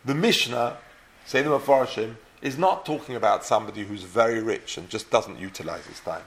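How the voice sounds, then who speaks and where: A man's voice: fairly low pitch, fairly quick, gravelly. A man leading a Torah class who asks questions and then works through the answers. He says the Hebrew terms with an Ashkenazi pronunciation and lays out each point step by step. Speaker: Torah teacher. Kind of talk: Talmud class lecture.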